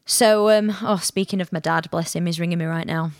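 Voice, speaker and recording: A young woman with a fairly low voice talks through a hard personal story on a podcast. She is frank and swears freely, stopping and restarting her sentences. The sound is close and completely dry, with no room around it. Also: steady tone, fairly quick, no room sound. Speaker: podcast co-host. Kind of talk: casual chat.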